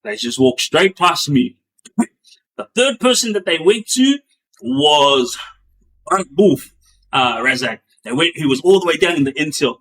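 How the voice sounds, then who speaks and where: A man telling a story in a loose, rambling way, with many fillers and restarts, acting out the action with bangs and booms. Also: measured pace. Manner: animated, acts out sounds with bangs and booms. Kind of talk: casual spoken storytelling.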